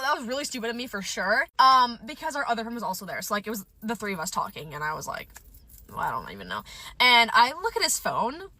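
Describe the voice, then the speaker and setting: A young woman telling a school drama storytime in a casual, slangy way, acting out the quotes with big jumps in her voice. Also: dry recording. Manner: animated, slangy, acts out quotes with jumps in pitch.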